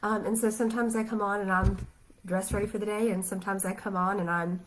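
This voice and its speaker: A woman in her thirties, a Christian life coach, talking through a live stream just after crying, halting and full of fillers. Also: medium pitch, flat delivery, rough recording. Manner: tearful, halting, many fillers. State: just finished crying, emotional. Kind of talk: casual live video talk. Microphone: phone or laptop live stream.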